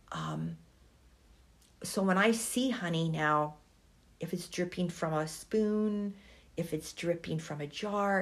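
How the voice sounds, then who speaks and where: Older woman guest recounting a personal memory, measured and unhurried, lower voice. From United States. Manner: slow, reflective, emotional. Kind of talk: personal storytelling.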